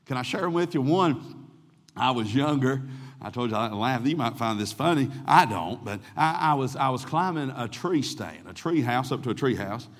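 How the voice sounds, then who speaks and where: A middle-aged man preaching a sermon, telling folksy personal stories and swinging from loud to hushed. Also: medium pitch, animated, moderate pace, big-room sound.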